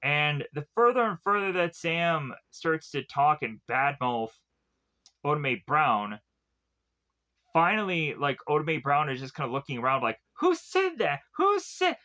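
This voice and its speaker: A man with a fairly high, bright, edgy voice talks through a movie's plot in a loose, rambling way. He leans on filler words and restarts as he retells scene after scene. It sounds unscripted and casual. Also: lively intonation, normal speed. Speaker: film reviewer. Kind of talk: casual spoken film review retelling the plot.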